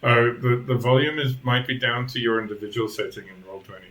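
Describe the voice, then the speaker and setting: A man's voice: mid-range voice, quick pace, fairly bright tone, low-quality recording. Hesitant male dungeon master. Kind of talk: casual game hosting.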